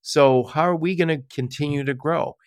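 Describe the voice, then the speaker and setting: A man's voice: on the high side, normal speed, darkish tone, clean tone, no echo, studio quality. A man hosting a casual podcast conversation, telling stories and acting out quoted exchanges with frequent laughs. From Michigan. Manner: chatty storyteller, acts out quoted exchanges, laughs often. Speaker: podcast host.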